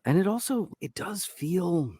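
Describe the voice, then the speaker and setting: A man, an audiobook narrator, chatting as a guest in a casual interview with an expressive, storyteller delivery. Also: high-pitched, measured pace, slightly rough, no room sound, clean studio sound.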